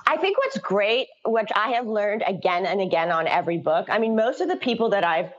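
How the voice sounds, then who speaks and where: A woman's voice: medium pitch, big pitch swings, a little fast. A middle-aged woman, a children's book author, talking in a casual interview, chatty and frank, laughing often between restarts. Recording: dull lo-fi audio.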